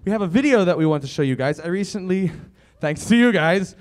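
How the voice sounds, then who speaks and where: Brief: male stage host, high voice, upbeat, stumbling restarts as he announces. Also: expressive, fairly quick. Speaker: panel host. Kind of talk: live stage hosting. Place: convention stage before a live audience.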